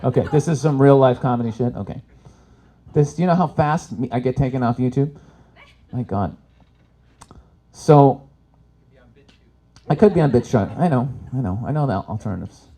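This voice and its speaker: Male stand-up comic, live stage set, mid-pitched, foul-mouthed, loud-to-mutter swings. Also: normal speed, long pauses. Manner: profane, swings between loud punchlines and low asides. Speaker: stand-up comedian. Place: event stage before a live audience.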